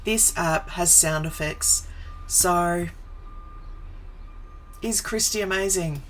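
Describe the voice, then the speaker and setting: Slow-talking woman in her forties, livestream chat. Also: lowish voice, very noisy. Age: 40s. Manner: chatty, greets viewers by name, wanders off topic. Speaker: live stream host. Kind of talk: casual live stream chat. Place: home office.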